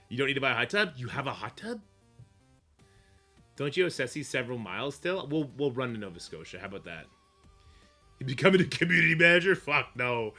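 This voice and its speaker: A man streaming live, chatting casually with viewers, swearing often and getting animated. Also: medium pitch. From Canada. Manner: profane, animated, answers chat. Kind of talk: casual livestream chat.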